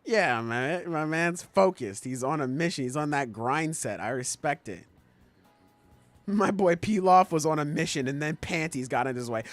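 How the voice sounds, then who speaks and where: A podcast host talks in a casual, profane, animated way, his pitch swinging widely. He speaks close to the mic in a dry room, with faint music underneath. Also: normal speed, no echo. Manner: animated, profane and laughing often. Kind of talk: casual podcast chat about anime.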